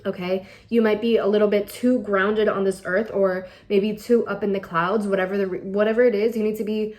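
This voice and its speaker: A woman's voice: mid-range voice, fairly even intonation, fairly quick, darkish tone. A woman doing a casual weekly tarot reading, talking directly to the listener and coaxing them, often ending lines with "okay?" or "all right?". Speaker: tarot reader.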